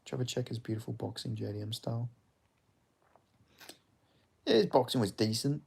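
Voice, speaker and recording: A man hosting a live fight watch-along, giving casual, profane commentary with sudden excited outbursts. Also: mid-range voice, normal speed, creaky, breathy edge. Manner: excitable, swearing, bursts into loud reactions.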